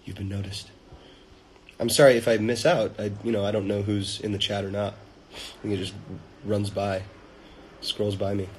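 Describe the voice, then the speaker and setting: A man hosting a casual livestream, reading fan comments aloud and greeting viewers in playful, sudden loud bursts into a phone held at arm's length. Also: lowish voice, slight background noise, rough recording.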